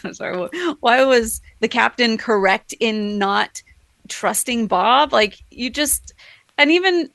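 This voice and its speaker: A woman's voice: high-pitched, fairly bright tone, no echo. A woman co-hosting a podcast, chatting casually, laughing a lot and trailing off into restarts. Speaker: podcast co-host. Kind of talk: casual chat.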